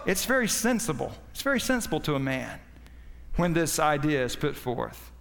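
A man preaching a sermon with passion, his voice swinging between loud high peaks and low quiet stretches. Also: sing-song, moderate pace, gravelly, long reverb tail. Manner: impassioned, rising and falling in pitch and volume.

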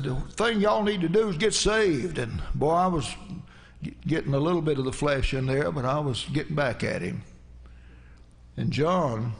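Brief: preacher, middle-aged, gravelly voice, rambling folksy anecdotes from the pulpit. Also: male voice, fairly high pitch. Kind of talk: storytelling sermon.

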